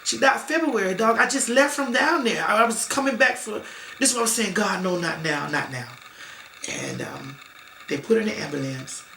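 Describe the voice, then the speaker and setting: Emotional woman, gravelly and bright. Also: fairly high pitch, expressive, a little fast, a little hiss or hum. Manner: emotional, repetitive, emphatic, acts out quoted relatives. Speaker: interview guest. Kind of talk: emotional personal storytelling in an interview. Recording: echoey room.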